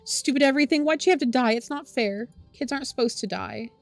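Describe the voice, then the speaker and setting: A woman's voice: sits high, normal speed, soft background music, pitched above the performer's own voice, natural voice. Woman playing a grieving angry teen girl.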